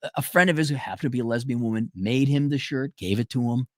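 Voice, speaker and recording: A man's voice: mid-range voice, fast talker, dry recording, clean studio sound. A man delivering a profane, sarcastic ranting monologue, breaking into mocking voices. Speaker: commentator.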